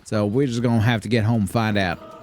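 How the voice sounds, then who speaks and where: A man's voice: on the low side, steady tone, fairly quick, a little mellow, faint music behind. A young man streaming a game, chatting casually and swearing freely in a put-on Southern drawl. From Michigan, raised largely in the US South. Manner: profane, laid-back, chatty. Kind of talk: casual live gameplay commentary.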